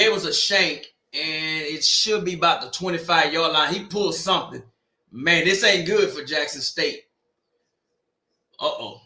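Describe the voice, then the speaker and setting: A man hosting a watch party, reacting loudly and chatting casually as the game plays. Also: high-pitched, reverberant. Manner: loud, animated, talks back to the game. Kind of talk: casual live-stream reactions.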